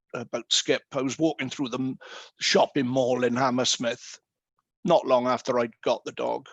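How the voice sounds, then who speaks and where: A man with a fairly high voice tells humorous stories over a video call. He fills his talk with ums and uhs, and the sound is dry and close. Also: no echo. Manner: humorous storytelling with many fillers. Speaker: guest speaker. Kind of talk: anecdotal talk at an online meeting.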